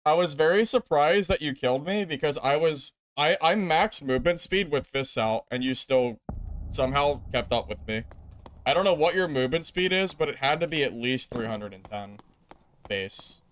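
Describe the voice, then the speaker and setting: A young man commenting casually while playing a game, swinging between loud laughing disbelief and low exasperated muttering. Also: expressive, moderate pace, slight background noise. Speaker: game streamer.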